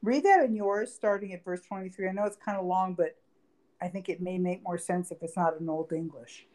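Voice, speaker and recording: Female podcast co-host, lower pitch, reads scripture and unpacks it conversationally. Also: a little fast, a little mellow. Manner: reads scripture aloud then explains it conversationally. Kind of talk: Bible study talk.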